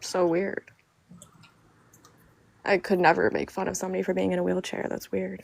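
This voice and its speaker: A woman in casual chat, relaxed and talking with many fillers. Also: on the low side, moderate pace, creaky, no room sound.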